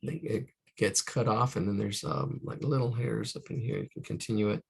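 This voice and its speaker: A man demonstrating caricature drawing as he sketches, describing each stroke and counting lines aloud. His voice sits low with a gravelly, husky edge. He often trails off into quiet muttering. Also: fairly even intonation, normal speed. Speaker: art instructor.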